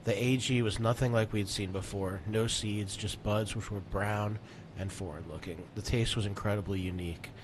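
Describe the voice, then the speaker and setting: A man co-hosting a casual late-night show, talking in a relaxed way and agreeing often. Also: lowish voice, background noise. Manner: relaxed, agrees often with quick yeahs and rights. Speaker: co-host.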